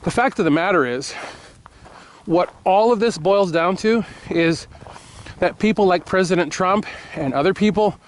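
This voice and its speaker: A middle-aged man with a somewhat high voice rants straight to his viewers in an impassioned monologue. He swings from raised, shouting passages to quiet, hushed apologies, recorded outdoors at a range. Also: normal speed, slight background noise. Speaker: firearms accessory maker and vlogger. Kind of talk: impassioned political monologue to camera.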